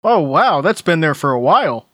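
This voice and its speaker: Young guy cohost, deadpan quick jokes, higher voice, dry close mic. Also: no echo. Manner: dry, quick jokey quips. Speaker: podcast co-host. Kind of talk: casual comedy chat.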